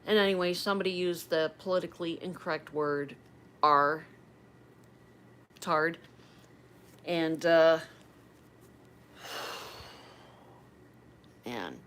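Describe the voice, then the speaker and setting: A woman's voice: low-pitched, slow, long pauses, fairly bright tone. A woman in her fifties chatting on a livestream, rambling and emotional as she tells family stories. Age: 50s. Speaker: livestream host. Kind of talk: casual livestream chat.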